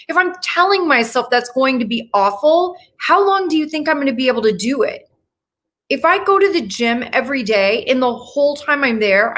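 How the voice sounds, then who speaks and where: A woman's voice: a little high, a bit bright. A woman, middle-aged, hosting a podcast and talking frankly and encouragingly straight to her listeners in a casual motivational talk. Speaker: podcast host.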